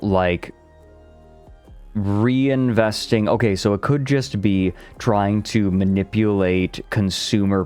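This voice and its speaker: A man on a casual, analytical stream reads a document aloud and picks apart its grammar, thoughtful and nitpicky while laughing along. His voice is lowish with a darkish tone.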